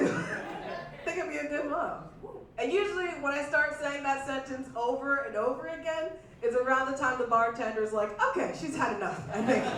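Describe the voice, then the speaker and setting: A woman works a club crowd with a stand-up set, her voice high and bright. She plays with the room and slips into exaggerated voices for the people she quotes. The mic sits some way off, and the club room rings with strong echo. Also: distant mic, a little hiss or hum. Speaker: stand-up comedian. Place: comedy club stage. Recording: echoey club room miked from afar. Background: audience laughter.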